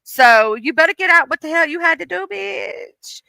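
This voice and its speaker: A woman's voice: extremely high pitch, lively intonation, normal speed, vocal fry, bright, forceful tone, dry recording, pitched above the performer's own voice, full character voice. A woman voicing exhaustion as a smug female figure who sweetly mocks you and promises to wreck your day. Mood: mocking. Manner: sweetly mocking.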